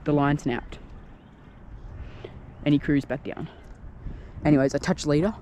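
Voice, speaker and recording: A man casually talking through a fishing trip on the water, chatty and excitable, recorded on an action camera. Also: fairly high pitch, measured pace, lo-fi sound, slight background noise. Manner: chatty, excitable, thinks aloud. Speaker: fishing vlogger. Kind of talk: casual narration while fishing.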